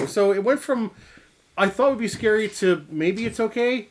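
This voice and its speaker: A man from Canada co-hosting a casual beer review, jokey and animated, with exaggerated reactions to what he tastes. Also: high-pitched, normal speed. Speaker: co-host of a beer review show. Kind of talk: casual chat.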